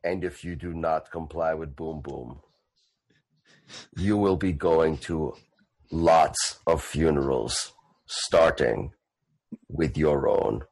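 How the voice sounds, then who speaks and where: A man voicing a huge, simple-minded male brute who speaks in broken grammar, slow and menacing. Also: a bass voice, a little mellow, pitched below the performer's own voice, heavily acted.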